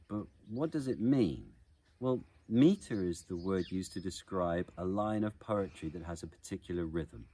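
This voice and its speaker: A man's voice: deep voice, darkish tone, slightly rough. A man explaining poetry in an educational voice-over, chanting the beats aloud to show the rhythm.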